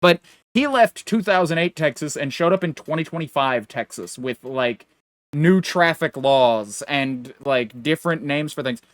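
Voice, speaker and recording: A young man co-hosting a podcast in loose, rambling chat, restarting his sentences and stacking up fillers. His voice sits a little high for a man. The sound is close and dry, with no room in it. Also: lively intonation, unhurried, dry recording. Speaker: podcast co-host. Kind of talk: casual chat.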